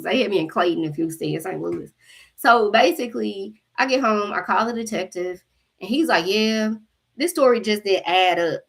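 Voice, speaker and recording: A woman with a husky, breathy voice talks straight to her viewers in a casual, animated way. She swears freely and acts out what everyone said, at a mid pitch for a woman. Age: adult mother. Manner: animated, profane, acts out quotes. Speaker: spiritual channel host.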